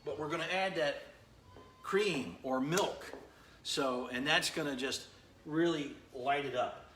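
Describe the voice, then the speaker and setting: A man's voice: fairly high pitch, slow, fairly bright tone, echoey room, faint music behind. A man hosting a live-streamed home cooking demo, chatting with viewers by name as he cooks in his kitchen. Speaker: home cooking show host.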